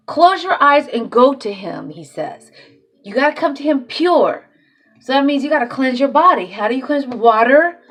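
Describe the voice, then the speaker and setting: A woman's voice: on the high side, a little hiss or hum. A woman talking casually and with feeling about faith, swearing freely and laughing between thoughts. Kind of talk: casual spiritual monologue.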